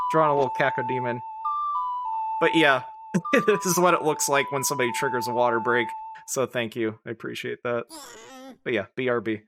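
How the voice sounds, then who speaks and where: Excitable live streamer, casual chatter, giggles often, music playing loudly behind. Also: medium pitch, moderate pace, long pauses.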